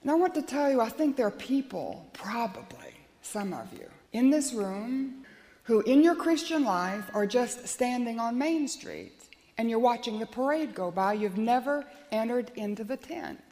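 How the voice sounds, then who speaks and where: A woman's voice: on the high side, big pitch swings, unhurried, darkish tone, big-room sound. A woman preacher delivering an earnest, emphatic sermon and prayer in a church.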